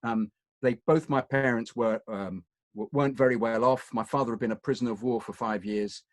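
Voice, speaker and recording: A man's voice: mid-range voice, fairly even intonation, brisk, no echo. An English man with an upper-class accent, an actor reminiscing in a digressive, anecdotal way. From England. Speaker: actor, guest. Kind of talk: conversational reminiscing.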